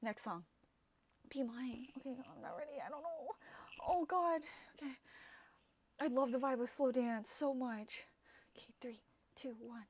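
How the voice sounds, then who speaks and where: Gushing, excitable woman reacting to music. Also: high voice, a little slow, pauses often. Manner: gushing, excitable, many exclamations and fillers. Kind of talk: casual first-listen reaction.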